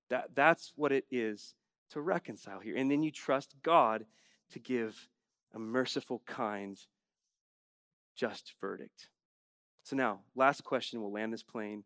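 A man preaching a sermon in a conversational way, swinging from loud, urgent bursts to quiet, gentle tones. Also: medium pitch, moderate pace, dry recording, clean studio sound. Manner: conversational, with asides like "like" and "right?". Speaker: pastor.

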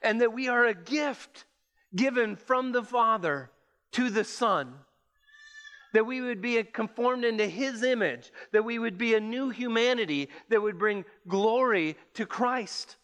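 A man preaching a sermon, reading scripture and explaining it with measured emphasis. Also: lively intonation, fairly bright tone. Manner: measured, emphatic preaching that rises in pitch as it builds.

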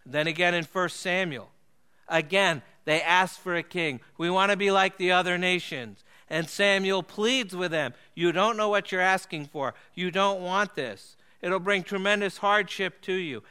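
Bright-voiced preacher man, high and clear. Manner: earnest, emphatic, slows and drops low for key phrases. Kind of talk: sermon.

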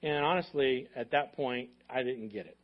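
A man pastor preaching a sermon as a lively story, acting out the dialogue and building to loud bursts. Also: medium pitch, moderate pace, dull audio. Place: church sanctuary.

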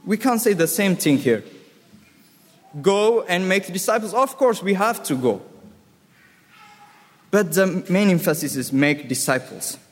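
A man preaching a sermon, emphatic and deliberate, repeating key words for effect. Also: high voice, lively intonation. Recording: reverberant hall.

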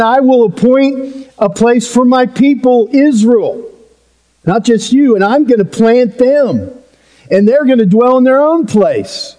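Slow, mellow-voiced male preacher. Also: high voice. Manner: earnest, emphatic preaching with playful asides. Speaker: pastor. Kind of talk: sermon.

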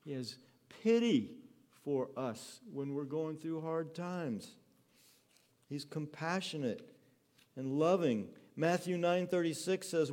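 A man preaching a sermon to a congregation, telling the story earnestly and growing soft and tender as he speaks. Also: a little high. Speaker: pastor. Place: church hall with a congregation.

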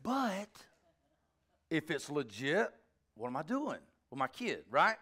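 A male pastor delivering a sermon with a lively, swooping delivery that jumps between jokes and rambling asides. His voice sits a little high for a man and has a bright, forceful edge. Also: slow pace. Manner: animated, joking, rambling asides.

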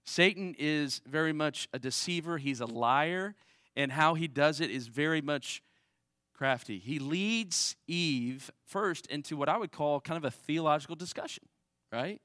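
A man preaching a sermon in a conversational way, often checking in with "right?", swinging between raised emphasis and quiet asides. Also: on the high side, lively intonation, measured pace, no echo, clean studio sound. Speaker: pastor.

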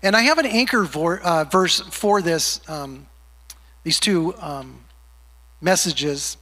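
A man with a high-pitched voice preaching to a congregation. He keeps it conversational and teases his listeners, then slows down to read verses. His voice rings out into the long reverb of a church sanctuary. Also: bright, forceful tone. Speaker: pastor. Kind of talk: sermon.

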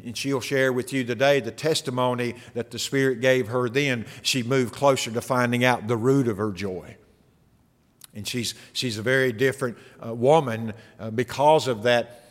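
Male pastor, mid-pitched, earnest sermon delivery, long church-hall reverb. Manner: earnest preaching with rhetorical questions. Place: church sanctuary.

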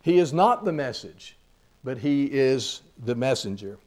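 A man preaching a sermon. He grows loud and slow when he reads scripture, drops quiet on asides, and repeats phrases for emphasis. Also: medium pitch, expressive. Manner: slows on key lines, repeats phrases.

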